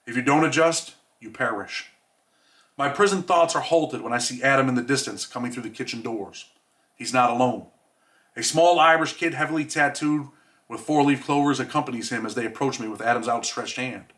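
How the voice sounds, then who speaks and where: A man from New York reading aloud from his own memoir in a measured, reflective way. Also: mid-range voice, fairly bright tone. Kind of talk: audiobook reading.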